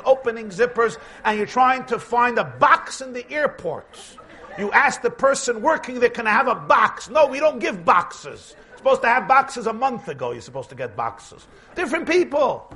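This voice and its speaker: A man giving a humorous sermon to an audience, telling lively stories, acting out quotes and dropping in Yiddish words. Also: high-pitched. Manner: animated storytelling with Yiddish words and acted-out quotes.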